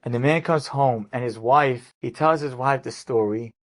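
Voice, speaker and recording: A man, a rabbi, telling an inspirational story to an audience with lively, casual delivery. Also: mid-range voice, normal speed. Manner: animated storyteller, casual fillers.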